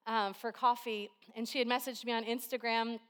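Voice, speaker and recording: A woman preacher with a somewhat high voice gives a sermon at a church service. She talks in a relaxed, conversational way and weaves everyday stories into her preaching. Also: moderate pace, smooth. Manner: chatty and conversational, with storytelling.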